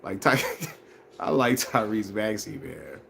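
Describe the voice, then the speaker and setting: A man hosts a casual live stream, loosely chatting about basketball and reading viewer comments, using slang, repeating his phrases and laughing often. His voice is lowish, gravelly and fairly bright, animated but slow-paced, with a little hiss or hum in the audio.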